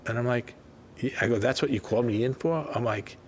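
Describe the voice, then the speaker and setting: A man's voice: mid-range voice, quick pace, a little hiss or hum. An older man, a label founder, telling stories in a casual interview and acting out quoted dialogue. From New York. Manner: animated anecdotes, acts out quoted dialogue. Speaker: record label founder, guest.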